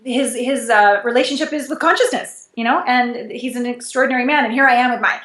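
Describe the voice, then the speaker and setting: A woman being interviewed as an intimacy coach. She talks animatedly, with big swings in pitch, and she laughs as she acts out conversations. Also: fairly quick. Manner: animated, wide pitch swings, laughs while acting out dialogue. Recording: echoey room.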